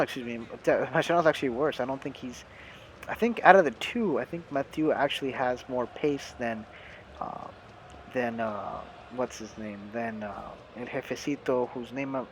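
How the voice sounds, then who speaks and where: A man's voice: mid-range voice, a little hiss or hum, rough recording. Chatty American man commenting on gameplay. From United States. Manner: chatty, addresses viewers as guys, many fillers and self-corrections. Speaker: gaming YouTuber.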